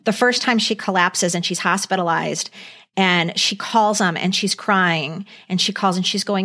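A woman's voice: medium pitch, moderate pace, fairly bright tone. A middle-aged woman co-hosting a podcast, earnestly recounting an old TV movie in casual chat with many fillers. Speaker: podcast co-host.

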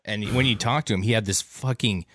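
Laid-back low-voiced man. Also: a little fast, fairly bright tone, dry recording, studio quality. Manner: laid-back, profane, says "man" often. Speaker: podcast co-host. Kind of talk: casual chat.

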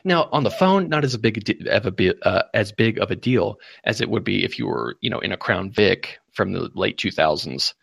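A man hosting a prank-call show, talking fast and teasing, with profanity. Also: on the low side, expressive, gravelly, a bit bright, breathy edge, dry recording. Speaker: host. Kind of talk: casual chat.

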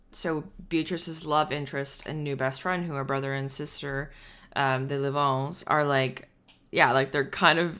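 A woman with a notably low voice chats about a novel on a podcast. She is blunt and wry, with a relaxed conversational delivery. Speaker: podcast co-host. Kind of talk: casual book discussion.

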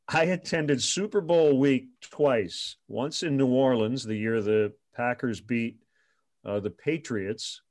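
A former radio sports reporter telling stories in an interview, animated and chuckling often. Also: male voice, mid-range voice. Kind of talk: storytelling in an interview.

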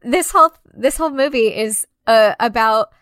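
Clear-voiced, profane young woman. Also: fairly high pitch, moderate pace, a bit bright, no echo, clean studio sound. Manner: profane, sarcastic, many filler "like"s. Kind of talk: casual film review chat.

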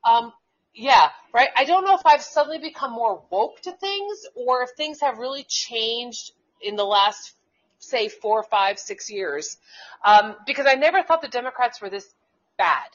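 A fairly high-voiced woman rants on a talk show, stumbling over her words, restarting again and again and swearing when angry. The sound is dull and lo-fi, like cheap internet radio. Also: animated, a little slow. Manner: heated, rambling, many restarts and swearing. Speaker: co-host; schoolteacher. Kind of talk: casual political talk.

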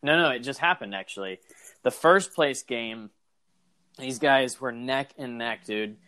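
A man's voice: medium pitch, unhurried, sharp tone. A man co-hosting a podcast in casual chat, rambling through stories, acting out quotes and swearing. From Arkansas. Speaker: podcast co-host.

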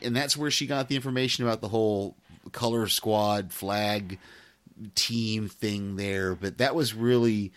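Chatty man with a lowish voice. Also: fairly bright tone. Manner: chatty, laughs often, many restarts. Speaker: podcast co-host. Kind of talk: casual chat.

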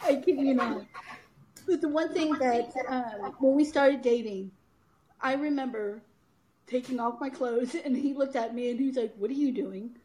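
High-voiced woman telling her story. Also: moderate pace, noisy background. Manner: candid, laughs often, acts out quoted voices. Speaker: guest, author and speaker. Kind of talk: personal story in an interview.

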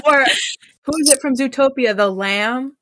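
Casual giggly young woman chatting, bit high, dry room. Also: moderate pace, fairly bright tone, no echo. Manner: giggly, exclaiming in disbelief. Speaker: podcast co-host. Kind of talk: casual chat.

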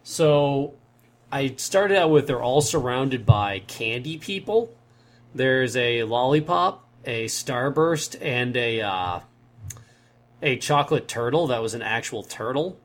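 A man's voice: medium pitch, animated, takes it slowly. Young guy, mid voice, rambling through a story, keeps correcting himself. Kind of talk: casual chat.

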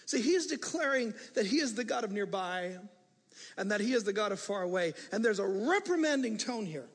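Animated older pastor, husky voice. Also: male voice, high voice, brisk. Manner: animated, swings from hushed asides to loud emphatic passages. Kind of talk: sermon. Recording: reverberant hall.

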